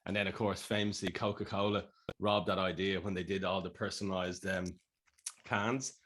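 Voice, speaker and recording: A man's voice: sits low, level tone, moderate pace, fairly bright tone, slight background noise. A man with an Irish accent co-hosting a podcast, chatting casually and telling rambling, jokey stories. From Ireland. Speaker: podcast co-host.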